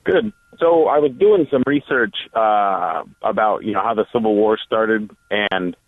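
A man's voice: lowish voice, unhurried, no room sound. A man calling in to a talk radio show, speaking hesitantly with many fillers. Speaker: caller. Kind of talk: phone-in talk radio call. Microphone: telephone. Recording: tinny phone line.

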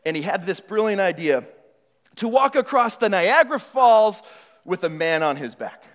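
Male pastor, high voice, sermon style, hushed questions building to loud emphatic preaching, hall reverb. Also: big pitch swings, moderate pace. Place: church hall. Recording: long reverb of a large hall.

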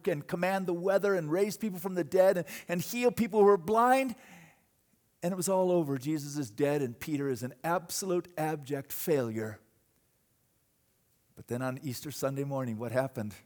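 Animated preacher with a lively voice. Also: male voice, sits high. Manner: animated storyteller, dramatic swings from loud to hushed. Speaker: pastor. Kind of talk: sermon.

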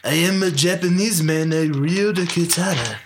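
A man's voice: a little high, normal speed, background noise. A man co-hosting a comedy podcast, chatting casually and rambling with many restarts and fillers. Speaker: podcast co-host.

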